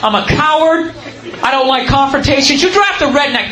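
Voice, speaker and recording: A male stand-up comedian ranting loudly through a comedy routine, shouting and laughing as he goes. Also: very high-pitched, animated, normal speed, a little hiss or hum. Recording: echoey club recording with loud crowd. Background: crowd laughter.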